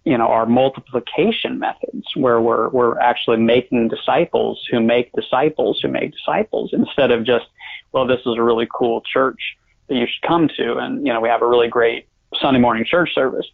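Gravelly man on a tinny line. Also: mid-range voice, steady tone, normal speed. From United States. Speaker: guest author. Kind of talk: conversational interview. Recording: tinny phone-line audio.

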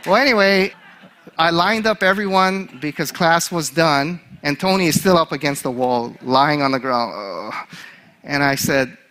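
A man preaching, with a bright, forceful voice pitched a little high. He is an animated storyteller who laughs at his own tale before turning to the sermon. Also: a little slow. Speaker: chaplain.

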